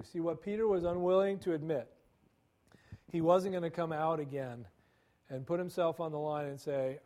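High-voiced male pastor preaching. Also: fairly even intonation, normal speed, warm tone. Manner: conversational, acts out quoted dialogue with repeated stammers. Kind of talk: sermon.

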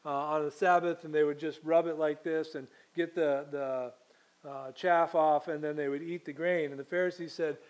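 A man delivers a sermon in a slightly higher than average voice. He reads the scripture aloud slowly and measuredly, then explains it in a teaching tone that is full of fillers and restarts. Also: steady tone. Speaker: pastor.

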